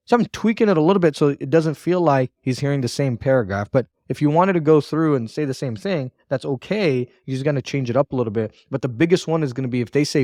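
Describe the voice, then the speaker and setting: A man's voice: mid-range voice, animated, fairly quick, darkish tone, dry recording. A man coaching new callers in a recorded training lesson, talking casually and repeating himself to drive points home. He acts out sample phone lines, lifting and dropping his tone to show the difference. The sound is dry and close, with no room around it. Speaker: sales trainer.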